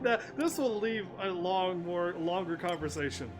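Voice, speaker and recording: This male gaming streamer has a high, expressive voice and talks at a normal speed. He laughs a lot and stays playful while casually narrating his gameplay and voicing the dialogue, with game music behind him.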